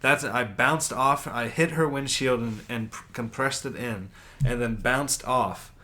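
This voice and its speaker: A man's voice: mid-range voice, measured pace. Guy on a podcast telling a crash story, swears a ton, gets really into it. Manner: animated, swears a lot, acts out his own reactions. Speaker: podcast co-host. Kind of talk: casual storytelling chat.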